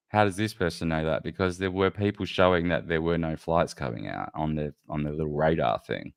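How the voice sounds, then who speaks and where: A very deep-voiced man hosts a casual chat, cursing freely and cutting himself off mid-sentence. The sound is dry and close, with no room behind it. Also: fairly quick, vocal fry, hardly any pauses, clean tone, no echo. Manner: rambling, profane, self-interrupting. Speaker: podcast host. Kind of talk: casual chat while showing clips.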